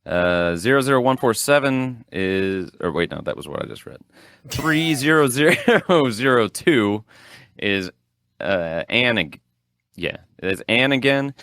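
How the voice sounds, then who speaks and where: A man's voice: mid-range voice, unhurried, no room sound, clean studio sound. A man co-hosting a podcast, telling stories in a rambling, casual way with lots of fillers. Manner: rambling, animated storytelling with frequent fillers. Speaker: podcast co-host. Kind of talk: casual chat.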